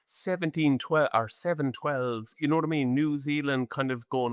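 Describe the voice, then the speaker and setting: An Irish man in his forties co-hosting a rugby podcast, talking in an animated, rambling, chatty way. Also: mid-range voice, moderate pace, smooth, no room sound, studio quality. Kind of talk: casual chat.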